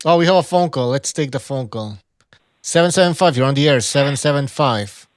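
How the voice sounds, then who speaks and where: Brisk male host in a dry studio. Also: medium pitch, lively intonation, no room sound. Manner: brisk, cutting callers off. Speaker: podcast host. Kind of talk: call-in show hosting.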